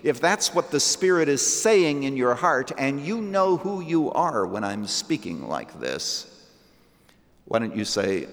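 A man preaching a sermon and leading a closing prayer in a large church, earnest and measured with dramatic pauses. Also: medium pitch, big pitch swings. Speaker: pastor. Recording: church sanctuary with long reverb.

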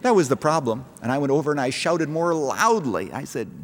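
Animated preacher in a large echoing hall. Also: male voice, mid-range voice, normal speed, hardly any pauses. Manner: storytelling preacher, rising to emphatic calls. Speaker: pastor. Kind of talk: sermon. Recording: long echo of a large hall.

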